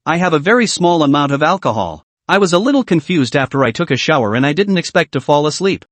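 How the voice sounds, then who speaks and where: A man's voice: fairly high pitch, big pitch swings, fast talker, no echo. A man voicing a wry, easygoing young husband in a manhwa recap.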